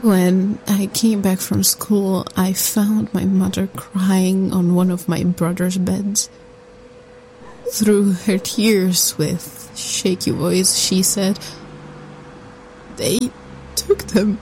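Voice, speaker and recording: A woman narrating a scripted first-person story in a soft, sombre reading. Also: mid-range voice, flat delivery, slow, a little hiss or hum, rough recording.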